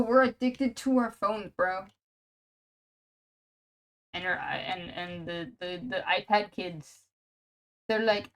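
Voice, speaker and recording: A woman's voice: mid-range voice, low-quality recording. A woman streaming casually while drawing commissions, rambling to chat and calling everyone "bro" and "man". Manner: rambling and chatty, says "bro" and "man" constantly; reacts to chat with quick laughs and exaggerated outbursts.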